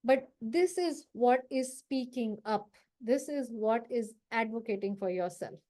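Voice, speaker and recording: A woman's voice: on the high side, darkish tone. A woman trainer giving a live confidence workshop, talking casually and checking in with her audience as she acts out short workplace lines. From South Asia. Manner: coaching, conversational, asks the audience for agreement.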